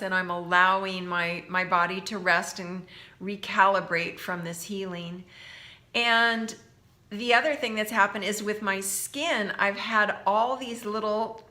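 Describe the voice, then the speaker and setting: Slow, bright-voiced woman telling her story. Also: mid-range voice. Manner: earnest, unhurried, with soft laughs between thoughts. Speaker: workshop participant sharing a testimony. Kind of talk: personal storytelling testimony.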